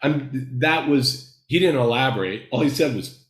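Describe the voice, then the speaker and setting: A man's voice: mid-range voice, normal speed. A man telling a long story in a casual interview, rambling and swearing a lot as he acts out the people in it. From Los Angeles, United States. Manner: rambling, profane, animated storyteller. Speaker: screenwriter guest. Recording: echoey room.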